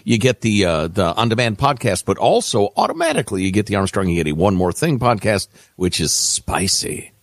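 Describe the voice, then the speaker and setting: A man's voice: fairly low pitch, very animated, a little fast, hardly any pauses, no room sound, studio quality. A man co-hosting a talk radio show, bantering with sarcastic, mocking humor.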